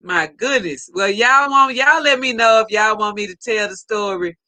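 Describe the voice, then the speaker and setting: Bright-voiced woman storyteller. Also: medium pitch, moderate pace. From United States. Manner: animated storyteller, laughs often, playful teasing. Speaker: co-host. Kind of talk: casual storytelling chat.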